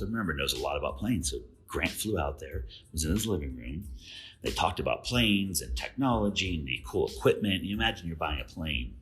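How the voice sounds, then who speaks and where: A man's voice: a bass voice, fairly bright tone, slight background noise. A man hosting a podcast, telling stories casually with quoted dialogue and questions to the listener. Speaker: podcast host. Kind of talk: casual storytelling monologue.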